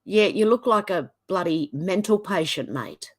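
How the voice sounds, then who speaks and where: A woman with an Australian accent, giving casual commentary and reading posts aloud. She sounds indignant and sarcastic. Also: expressive. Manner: indignant and sarcastic, quick swings in pitch. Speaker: commentary vlogger.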